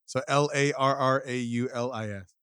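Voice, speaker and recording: A man's voice: medium pitch, fairly even intonation, moderate pace, fairly bright tone, clean tone, no room sound. A laid-back man as a podcast guest, chatting casually and swearing freely.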